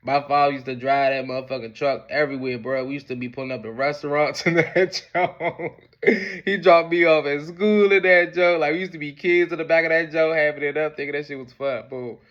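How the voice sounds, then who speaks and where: A man's voice: fairly even intonation, a little fast, a bit bright, muffled recording. A man telling a personal story in casual, slangy speech, with lots of fillers. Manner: slangy, laid-back, peppered with "boom" and "whatever the case may be".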